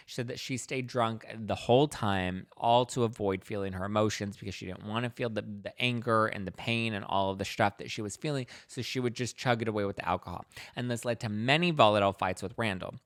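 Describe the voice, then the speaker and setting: A man's voice: on the low side, a bit bright, dry recording, studio quality. A man hosting a gossipy book recap, talking in a catty, sarcastic, chatty way. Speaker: host.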